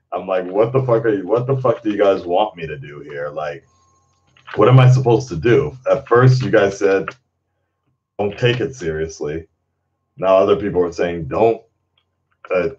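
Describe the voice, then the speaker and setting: A man with a fairly low, slightly mellow voice hosts his own channel in a casual livestream chat. He rambles, swears freely and keeps breaking into laughter, and the sound is lo-fi.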